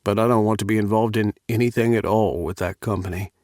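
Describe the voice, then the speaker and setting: A man's voice: fairly low pitch, fairly even intonation, fast, a little mellow, dry recording, studio quality, lightly acted. A man voicing an upset young male writer who rants in frustration. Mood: dejected. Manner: rising and agitated, ranting.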